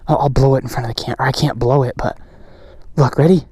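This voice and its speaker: A young man riding a motorcycle and chatting excitedly to his viewers and to the animals he passes. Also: mid-range voice, quick pace, breathy edge. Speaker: motovlogger. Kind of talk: casual riding commentary. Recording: loud engine and wind noise.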